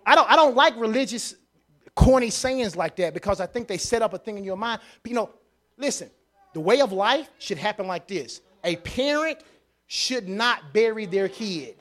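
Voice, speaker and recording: A man preaching a sermon, repeating phrases and swinging from quiet asides to loud declarations. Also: high-pitched, expressive, normal speed. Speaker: pastor.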